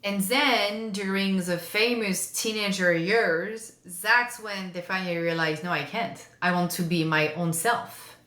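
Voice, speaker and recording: A family constellation therapist in her forties speaks earnestly as a guest in a casual podcast conversation, repeating phrases for emphasis. Her mid-range, fairly bright voice moves at a measured pace with few pauses, in a roomy, echoey space.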